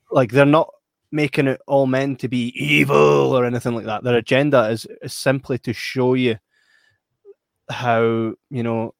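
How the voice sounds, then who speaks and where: A man with a Scottish accent, co-hosting a casual chat about a film. He talks in an animated, emphatic way. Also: medium pitch, no echo, clean studio sound. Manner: animated, emphatic, acts out quoted voices. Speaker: podcast co-host.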